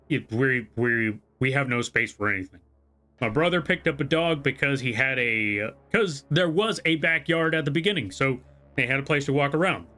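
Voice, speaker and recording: Bright-voiced man ranting on stream. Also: medium pitch. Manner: rambling, exasperated, self-correcting. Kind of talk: casual livestream chat. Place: home room.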